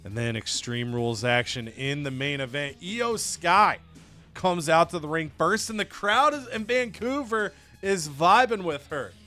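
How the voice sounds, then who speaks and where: A man's voice: on the high side, a little slow, sharp tone, faint music behind. A young man narrating a wrestling game recap as a let's-play host, storytelling casually and swearing now and then. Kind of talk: animated game recap with put-on voices.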